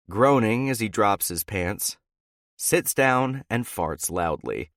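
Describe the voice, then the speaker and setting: A man narrating a romance audiobook in first person with an expressive, dramatic delivery. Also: deep voice, unhurried, dry recording, studio quality.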